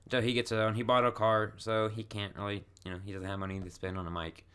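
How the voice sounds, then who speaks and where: Young male podcast host, low smooth voice, loose giggly delivery. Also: little pitch movement, fast, fairly bright tone. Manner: laid-back, giggly, trails off mid-sentence. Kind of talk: casual chat. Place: small bedroom full of clothes. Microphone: shared desk mic.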